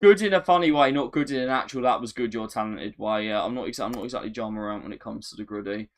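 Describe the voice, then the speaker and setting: A man chats his way through a live gaming stream in an easy, mid-pitched voice. He is excitable and self-mocking, and he repeats phrases as he reacts. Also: very fast. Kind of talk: casual live-stream chat.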